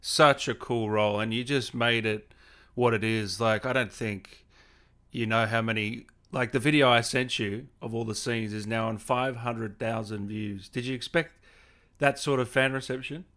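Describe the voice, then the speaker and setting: A man's voice: medium pitch, steady tone, normal speed, fairly bright tone. Upbeat man hosting an interview. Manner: upbeat, encouraging, short affirmations. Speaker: podcast host. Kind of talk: casual interview chat.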